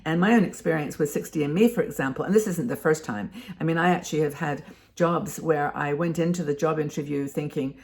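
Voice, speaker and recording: A woman's voice: sits low, a little fast, a little mellow. An older woman hosting a show, talking casually and rambling, with frequent restarts and fillers. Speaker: host. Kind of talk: casual talk to camera.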